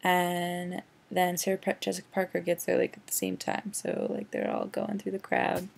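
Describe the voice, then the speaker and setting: Gravelly, sarcastic young woman ranting. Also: on the low side, completely flat delivery, normal speed. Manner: sarcastic, rambling, heavy use of "like". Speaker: vlogger. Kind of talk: casual movie rant.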